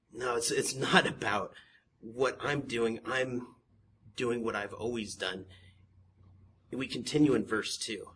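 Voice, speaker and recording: Bright-voiced pastor preaching with rising fervor. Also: male voice, mid-range voice, takes it slowly, pauses often, a little hiss or hum. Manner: builds from calm teaching to impassioned, emphatic questioning; joking asides to the congregation. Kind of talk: sermon. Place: church sanctuary with a congregation.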